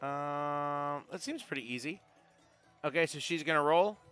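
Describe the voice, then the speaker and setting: A man's voice: a little high, unhurried, a bit bright, smooth, faint music behind. A man running a tabletop game as game master, chatty, checking rules aloud with stumbles.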